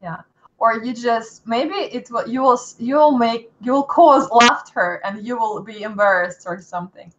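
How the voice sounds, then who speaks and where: A woman's voice: on the high side, moderate pace, lo-fi sound, slight background noise. A woman with a Russian accent, hosting a casual chat and asking questions, sometimes turning to address viewers. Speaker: host.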